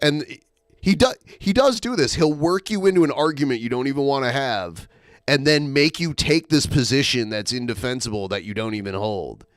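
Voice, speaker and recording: A man's voice: medium pitch, normal speed, dry recording, studio quality. A man co-hosting a podcast in casual banter, defensive and exasperated, swearing often. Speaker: co-host.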